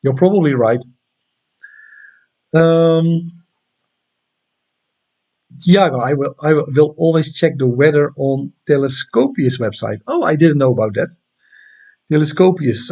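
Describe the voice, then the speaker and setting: A man's voice: a little high, darkish tone, slightly rough. A man with a Dutch accent hosting a casual astronomy livestream, chatting loosely with viewers and reading out their comments, with frequent fillers. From Netherlands. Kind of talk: casual live-stream chat.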